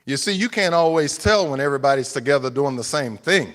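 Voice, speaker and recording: A man preaching a sermon, emphatic and rhetorical, swinging between loud appeals and hushed explanation. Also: mid-range voice, lively intonation, brisk, big-room sound.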